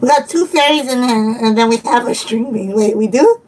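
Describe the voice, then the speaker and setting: A woman on the high side of pitch, with a darkish tone and moderate pace, hosts her channel's casual live stream from home. She giggles plenty and talks to both her viewers and her dog, and the audio is slightly distant with faint room noise.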